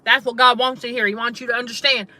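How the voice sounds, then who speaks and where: A woman's voice: on the high side, flat delivery, fast, bright, forceful tone. A middle-aged woman, speaking to her audience in a casual, testifying way and repeating herself for emphasis. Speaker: faith-based trauma coach and channel host. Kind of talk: casual livestream preaching.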